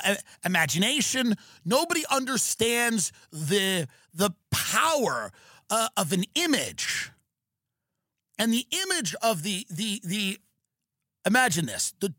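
A man hosting a podcast, animated and excitable, riffing through a comic rant with many restarts. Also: high-pitched, dry recording, studio quality. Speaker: comedian podcast host.

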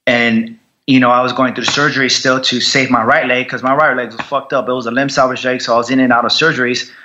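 A military veteran guest tells the story of his recovery after serving in war, speaking fast in a level, mid-range voice that is bright and forceful. He is blunt, swears constantly, and repeats himself for emphasis, and the audio is dull.

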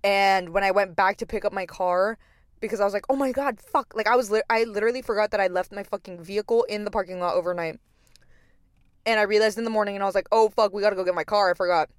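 A woman's voice: medium pitch, fast, no room sound, studio quality. A young adult woman hosting a podcast in a casual, rambling monologue, full of profanity and fillers, and telling stories expressively. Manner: expressive storyteller. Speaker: podcast host.

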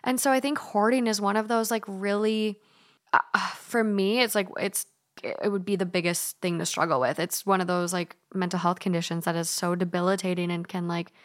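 A woman's voice: lowish voice, a little fast. A young woman co-hosting a casual podcast chat, talking freely and quoting others in playful voices. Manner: chatty, animated, quotes others in put-on voices.

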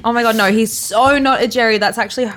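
A young Australian woman co-hosting a podcast, telling a story in casual chat and acting out quotes with big leaps in pitch and frequent laughs. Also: quick pace. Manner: animated, acts out quotes with big jumps in pitch, laughs often. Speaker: podcast co-host.

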